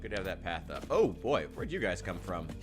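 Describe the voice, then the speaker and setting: A man casually commenting while playing a game, rambling and sarcastic, now and then yelling in panic. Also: low voice, sing-song, fairly quick. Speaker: gaming channel host. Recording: game music loud behind.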